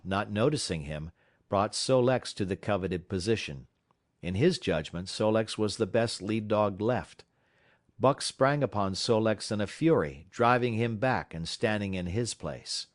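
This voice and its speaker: A man reading a classic novel aloud as an audiobook narrator, in a measured, dramatic storytelling manner. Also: on the low side, no room sound, studio quality. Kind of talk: scripted narration.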